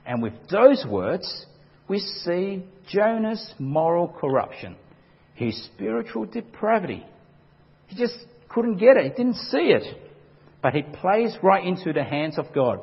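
Guy preaching a sermon, husky voice, pitch all over the place, long reverb, kinda muffled. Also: big pitch swings, measured pace. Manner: emphatic, dramatic preaching with acted-out quotes. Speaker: pastor. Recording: dull lo-fi recording with long hall reverb.

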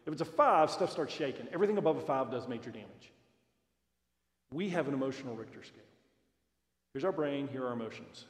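A man's voice: mid-range voice, expressive, fast, long pauses. A man giving a seminar talk to parents, telling stories and acting out the dialogue. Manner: storytelling, acts out dialogue. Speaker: guest speaker at parent seminar. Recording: echoey hall reverb.

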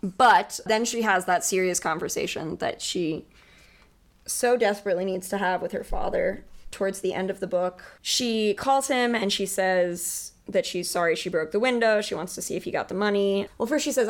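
A woman's voice: medium pitch, normal speed. A woman hosting a podcast, chatting enthusiastically about a novel and reading passages aloud. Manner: enthusiastic, laughs often, reads passages aloud. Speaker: podcast host. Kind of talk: casual book discussion.

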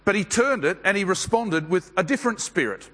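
A man preaching a sermon at a church service, speaking in a measured, unhurried way with pauses and fillers. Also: high-pitched, lively intonation, a bit bright, long reverb tail.

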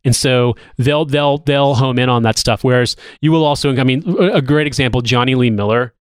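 A man's voice: mid-range voice, a little fast, smooth, no echo. Rambling man, casual podcast chat. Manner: rambling, restarts often, swears casually. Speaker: podcast co-host.

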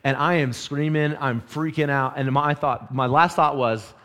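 A man's voice: mid-range voice, a little slow. A man preaching a casual sermon, telling a story and asking the congregation questions. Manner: animated, storytelling, asks the crowd questions; quiet and hushed in prayer. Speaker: pastor.

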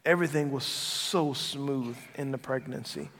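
A man in his thirties, a pastor giving a personal testimony in a sermon, telling it earnestly and dropping to a soft, quiet voice at tender moments. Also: mid-range voice, a little slow, a little hiss or hum. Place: church sanctuary. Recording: large hall with long reverb and music behind.

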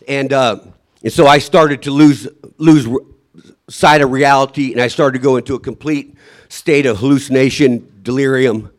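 Halting man recounting an ordeal. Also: mid-range voice, steady tone. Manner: halting, restarts and trails off, hushed at times; recounts vividly, acting out his own shouts. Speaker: survivor telling his story. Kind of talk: emotional personal account.

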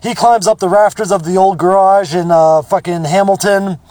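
A man's voice: high voice, steady tone, normal speed, darkish tone, no room sound. A man hosting a podcast, telling rambling, profane stories in a casual, blunt way. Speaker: podcast host. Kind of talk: casual storytelling monologue.

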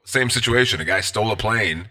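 A man co-hosting a podcast in casual chat, telling stories in a quick, emphatic way. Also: lowish voice, sharp tone. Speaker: podcast co-host.

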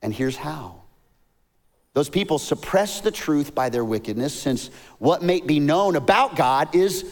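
A man, a pastor preaching a sermon in a lively, story-telling way. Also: unhurried. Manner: animated, rises to high emphatic peaks, tells jokes and stories. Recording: long hall reverb.

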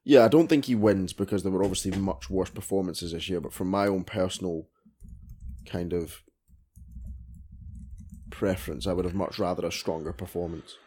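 Man, low voice, hesitant, hedging, casual film talk. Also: normal speed, dark tone. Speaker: podcast co-host.

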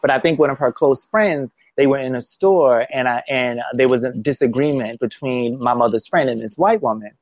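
A man talking in a relaxed conversational way, his voice moved and unsteady as he stops and starts over. The recording is dry and close, with almost no room sound. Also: mid-range voice, no room sound. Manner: emotional, halting, many restarts. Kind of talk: casual conversation.

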